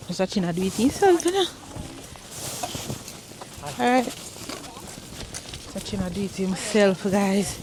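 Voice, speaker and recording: A woman's voice: medium pitch, very animated, slow, pauses often, noisy background. Chatty woman vlogging outdoors. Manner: chatty, keeps calling out to her viewers. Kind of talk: casual vlog chat.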